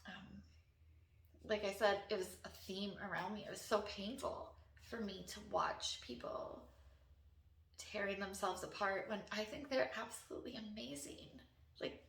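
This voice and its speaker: A woman's voice: medium pitch, vocal fry, fairly bright tone, reverberant, distant mic. A woman wellness coach, talking unscripted and earnestly to camera, encouraging and sometimes emotional. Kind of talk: unscripted heartfelt talk to camera.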